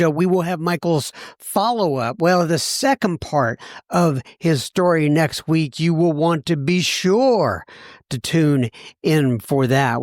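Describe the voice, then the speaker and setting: A man's voice: a little high, no room sound, studio quality. Jovial podcast host, a man. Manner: jovial, laughs easily, announcer-like delivery. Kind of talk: casual interview and show sign-off.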